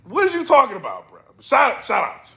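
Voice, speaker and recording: A man blogging about the battle rap scene in a casual commentary vlog, telling stories in a slangy, animated way. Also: very high voice, moderate pace, gravelly, echoey room.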